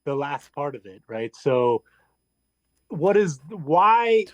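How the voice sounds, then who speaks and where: A man's voice: a little high, big pitch swings, slow, no room sound, muffled recording. A man co-hosting a conversation, reacting with encouragement and asking questions. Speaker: co-host. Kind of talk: casual conversation.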